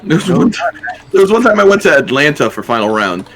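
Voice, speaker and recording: A man talking bluntly and loudly in an aggressive, no-nonsense way during casual chat. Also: a little high, very animated, quick pace, noisy background. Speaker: guest.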